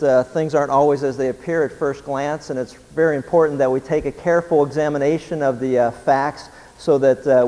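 A man preaching a sermon as pastor, a folksy storyteller who pauses often with "uh". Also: on the high side, darkish tone, in a large hall, poor audio. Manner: folksy storyteller, frequent filler "uh".

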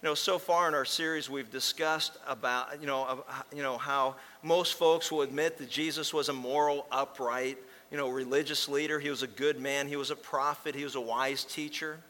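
Bright-voiced preacher in a reverberant hall. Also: male voice, medium pitch, steady tone, normal speed, hardly any pauses. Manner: folksy storytelling, emphatic repetition. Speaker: pastor. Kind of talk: sermon. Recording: long reverb in a large hall.

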